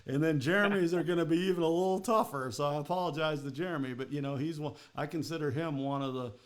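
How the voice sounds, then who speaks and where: A man from Minnesota hosts a podcast quiz in casual, rambling chat. His voice sits a touch high, and he laughs easily as he talks. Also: fast. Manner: chatty and rambling, with frequent laughs. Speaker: podcast host and quiz master.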